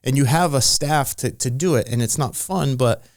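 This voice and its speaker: Rambling, animated man on a dry mic. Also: mid-range voice, moderate pace, no echo. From Rhode Island. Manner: rambling, restarts often, animated storytelling. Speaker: strength and conditioning coach. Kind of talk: casual podcast interview.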